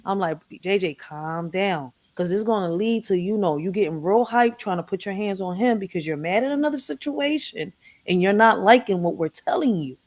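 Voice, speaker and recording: A woman's voice: mid-range voice, fairly quick. A middle-aged woman in casual talk, telling a family story and acting out what people said with a raised voice. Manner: animated, acts out quotes in raised voice. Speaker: guest on a live talk stream. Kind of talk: casual heated chat, storytelling.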